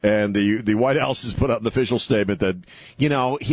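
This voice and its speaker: A man's voice: fairly low pitch, a little fast, husky, no echo. Sarcastic male talk radio host. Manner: sarcastic, mocking, chatty.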